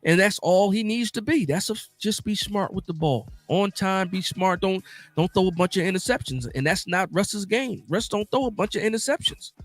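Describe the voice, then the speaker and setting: A man hosting a casual live sports talk stream, animated and emphatic, often repeating himself for emphasis. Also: high voice, moderate pace.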